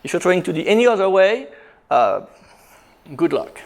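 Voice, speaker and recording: A man's voice: sits high, big pitch swings, vocal fry. Emphatic man giving a technical talk. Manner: emphatic, quick, frequent restarts. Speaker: conference speaker.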